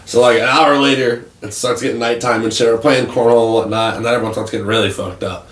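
A man's voice: mid-range voice, fairly even intonation, quick pace, far from the mic, a crowd in the background. A young man, a podcast co-host, telling a long rambling story in casual chat and swearing freely. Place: attic room. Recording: roomy echo, off mic.

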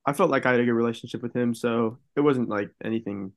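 Relaxed young man telling stories. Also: medium pitch, fast, vocal fry. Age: young adult. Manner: relaxed storytelling, heavy use of "like". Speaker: college football player guest. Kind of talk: casual podcast interview.

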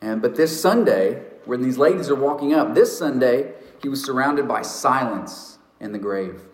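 Earnest preacher in a roomy church. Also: male voice, medium pitch, expressive. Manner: earnest storytelling preacher, slows for emphasis. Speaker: pastor. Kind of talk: sermon. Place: church sanctuary.

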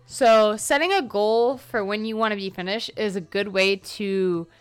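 A woman's voice: mid-range voice, measured pace, clear, resonant tone. A tired young woman talking through her workday on a solo podcast, rambling off topic with lots of fillers. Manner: rambling, self-interrupting with fillers. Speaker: podcast host. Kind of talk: casual solo podcast monologue.

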